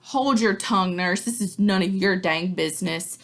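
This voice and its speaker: A woman's voice: mid-range voice, moderate pace, fairly bright tone, natural voice. A woman voicing Lord Capulet, a domineering father who scolds his daughter harshly. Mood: scolding.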